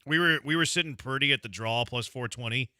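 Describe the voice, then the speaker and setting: A man hosting a sports radio show in casual, teasing banter, who reads ads quickly. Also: medium pitch, bright, forceful tone, no room sound, studio quality.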